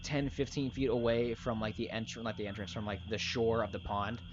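A man's voice: fairly low pitch, level tone, brisk, background noise. Young male game master, casual rambling narration, muffled lo-fi audio. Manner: rambling, filler-heavy, loose.

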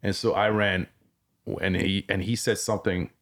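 Male podcast guest, deep-ish voice, candid and profane, loose rambling delivery. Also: steady tone, moderate pace, fairly bright tone. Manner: rambling, profane, restarts his sentences. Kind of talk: candid storytelling.

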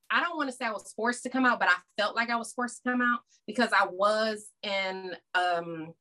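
Bright, animated woman telling a story. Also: mid-range voice. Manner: animated, acts out family members' voices. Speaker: podcast guest. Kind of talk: casual storytelling.

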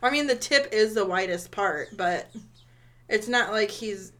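A woman's voice: medium pitch, lively intonation, measured pace, a bit bright. A woman co-hosting a casual podcast, trading blunt, unfiltered jokes. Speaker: podcast co-host. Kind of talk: casual chat.

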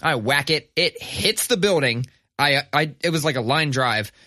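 A man's voice: fairly high pitch, lively intonation, normal speed, sharp tone, dry recording, clean studio sound. A young adult man hosting a podcast, telling stories in a casual, profane, laid-back way and laughing as he goes. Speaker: podcast host. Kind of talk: casual storytelling chat.

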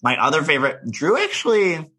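A man chatting casually on a podcast, gossipy and animated, laughing often. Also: a little high, brisk, husky. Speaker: podcast co-host. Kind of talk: casual chat about reality TV.

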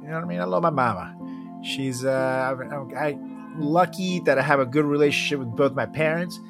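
A man's voice: a little high, a little fast, gravelly, over music. A young man co-hosting a podcast, chatting casually, joking, swearing and laughing often. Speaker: podcast co-host. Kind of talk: casual chat.

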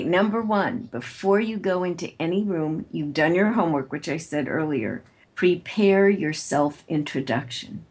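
A woman interviewed as a guest, explaining networking advice in a confident, brisk teaching manner. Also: on the low side. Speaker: guest, networking author and speaker.

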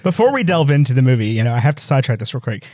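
A man's voice: mid-range voice, no room sound, studio quality. A man co-hosting a podcast, chatting casually and sarcastically about a film and laughing often. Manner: sarcastic, animated, quick to laugh. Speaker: podcast co-host. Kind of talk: casual film review chat.

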